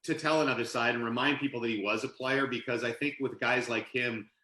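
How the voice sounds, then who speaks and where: A man guesting on a podcast as an author and sportscaster, telling animated anecdotes in casual conversation. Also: mid-range voice, brisk, echoey room, rough recording. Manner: animated anecdote-telling, laughs mid-story. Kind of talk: casual storytelling interview.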